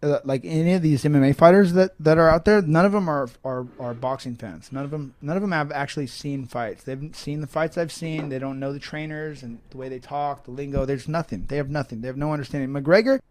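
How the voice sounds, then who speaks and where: Fighter guy with a highish voice, cursing constantly, trips over his words and starts over a lot. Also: fast talker, few pauses, darkish tone. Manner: rambling, profane, restarts sentences often. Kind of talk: casual interview.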